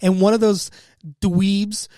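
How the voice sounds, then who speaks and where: Brief: young male podcast co-host, high voice, animated jokey banter. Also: no room sound, clean studio sound. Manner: animated, joking, quick to put on silly voices. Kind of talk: casual chat.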